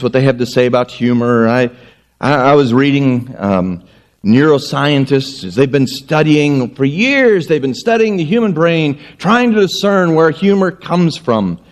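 A male pastor preaching a sermon, telling stories and joking at his own expense before a congregation. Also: medium pitch. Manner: animated storytelling with self-mocking jokes.

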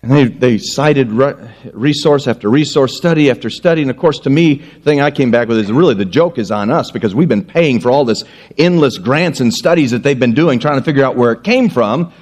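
A man's voice: mid-range voice, brisk. A male pastor preaching a sermon, telling stories and joking at his own expense before a congregation. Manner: animated storytelling with self-mocking jokes.

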